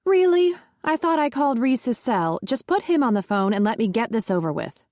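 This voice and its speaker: A woman's voice: fairly high pitch, very animated, a little fast, darkish tone, no echo, clean studio sound. A woman voicing a demanding, self-pitying middle-aged mother who is exasperated with her son. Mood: pushy exasperated. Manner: exasperated and pushy.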